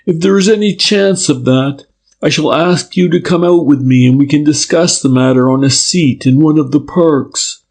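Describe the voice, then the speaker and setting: A man's voice: fairly high pitch, moderate pace, darkish tone, pitched above the performer's own voice. A man voicing a courteous but firm middle-aged detective inspector who presses politely. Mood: polite pressing.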